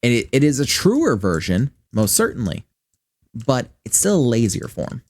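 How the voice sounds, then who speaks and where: A Midwestern American man thinks aloud while streaming a game, rambling from one point to the next and swearing freely. His voice sits at an everyday middle pitch. The sound is dry and close, with no room around it. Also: sing-song, normal speed, a little mellow, no echo. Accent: general American Midwestern. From Michigan, US. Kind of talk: casual gaming stream commentary.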